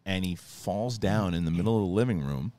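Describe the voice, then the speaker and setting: A man's voice: sits low, expressive, brisk, warm tone. A man hosting a podcast, chatting casually and retelling TV episodes in a rambling way, with lots of restarts and acted-out quotes. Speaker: podcast host. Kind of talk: casual chat.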